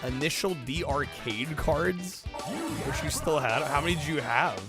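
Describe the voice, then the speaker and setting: Chatty gamer guy over loud game music. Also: a little high, measured pace. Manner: relaxed, chatty, reads chat aloud and reacts to the race. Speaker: streamer. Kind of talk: casual live-stream chat while gaming.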